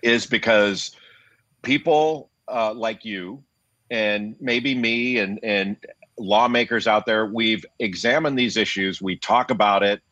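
A man in his fifties with a lowish voice lays out his views in a steady, reasoned way, often restarting his sentences as he thinks. The sound is dull and lo-fi, with a dry, close feel and no room around it. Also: no echo. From United States. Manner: measured, reasoned, frequent restarts. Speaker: guest, basketball analyst. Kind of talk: interview conversation.

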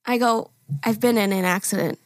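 A woman's voice: fairly high pitch, fairly even intonation, brisk, no room sound. A young woman co-hosting a podcast, telling a story in casual chat, acting out quotes and laughing often. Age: young adult. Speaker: podcast co-host.

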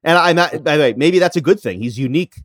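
A man co-hosting a casual podcast chat, talking in halting starts and teasing his partner. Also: a little high, animated, dry recording, clean studio sound. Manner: hesitant, halting, restarts, teasing. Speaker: podcast co-host.

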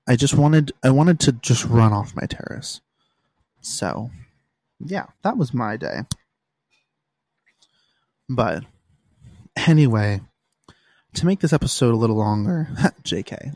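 A man's voice: medium pitch, a little mellow, no room sound. A young man hosting a casual solo podcast, telling stories in an exasperated way and swearing freely, recorded in a room at home. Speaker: podcast host.

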